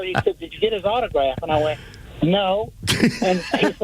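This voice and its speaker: A man's voice: sits high, slight background noise, poor audio. An older man from the Atlanta area calling into a radio show, telling an old story in a rambling way with many fillers. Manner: rambling anecdote with halting fillers. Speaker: caller. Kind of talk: phone-in storytelling.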